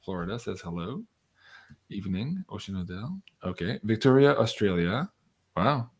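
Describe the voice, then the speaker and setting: A man's voice: on the low side, big pitch swings, moderate pace, husky. A man hosting a casual livestream, upbeat and chatty, reading out viewers' messages and laughing often. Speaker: livestream host.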